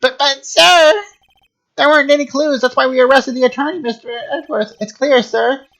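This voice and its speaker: A nervous young cop with a thin, squeaky voice, put on by a man. He stammers and falls over his words when answering his boss, done as an impression during a game playthrough. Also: a little fast, creaky, a bit bright, full character voice, low-quality recording. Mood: timid. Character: timid squeaky junior male police officer. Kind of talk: impression done while voicing game dialogue.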